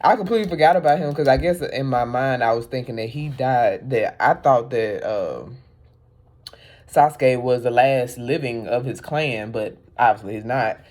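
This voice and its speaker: A woman vlogger chatting casually about an anime, animated and rambling, with many fillers and laughs. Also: rumbling low, moderate pace. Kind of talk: casual chat.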